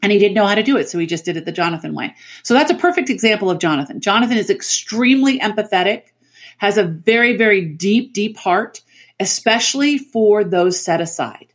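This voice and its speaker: Middle-aged woman, guest on a chat show, animated storyteller, laughs easily, average pitch. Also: brisk. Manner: animated, laughs while telling stories. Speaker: podcast guest. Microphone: remote call mic.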